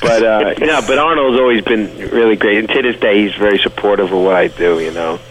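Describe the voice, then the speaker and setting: A man's voice: on the low side, fairly quick, a bit bright, slight background noise, rough recording. A man with a New York accent, a guest telling stories in a casual interview. He rambles with fillers and restarts.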